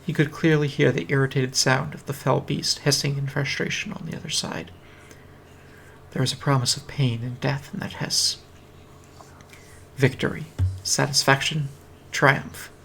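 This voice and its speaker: A man's voice: medium pitch, little pitch movement, moderate pace, gravelly, fairly bright tone, slight background noise. A man reading a fantasy fan story aloud on a stream, with a dry, wry delivery. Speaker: reader. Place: home streaming setup. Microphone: streaming mic.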